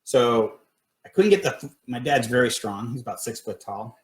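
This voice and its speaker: A middle-aged man telling his own ghost stories on a live stream, halting, with many fillers and restarts. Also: mid-range voice, animated. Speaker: paranormal investigator telling his experiences. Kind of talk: casual storytelling on a live stream. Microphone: phone or webcam. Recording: echoey room.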